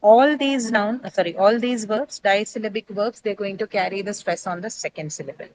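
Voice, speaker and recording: A woman's voice: mid-range voice, fairly quick, a little mellow, poor audio. A woman teaching English pronunciation in an online class, explaining patiently step by step and checking in with tag questions.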